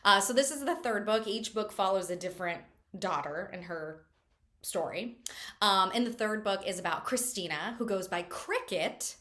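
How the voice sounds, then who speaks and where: A woman's voice: medium pitch, lively intonation, moderate pace, fairly bright tone. A woman hosting a casual book chat, recapping a novel in a chatty way with lots of fillers and wry asides. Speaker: book reviewer host.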